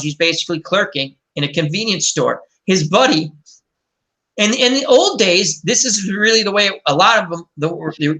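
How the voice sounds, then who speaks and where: A man's voice: sits high, sharp tone. A man hosting a casual online group chat, talking enthusiastically and rambling with many restarts. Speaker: host of an online chat show.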